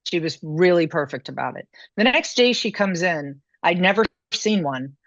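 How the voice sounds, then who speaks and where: Woman guest, low-ish voice, rambling chatty storyteller, muffled dry remote sound. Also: lively intonation, moderate pace, no echo. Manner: chatty, many "you know" and "like" fillers, laughs mid-story. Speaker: podcast guest. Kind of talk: casual storytelling interview.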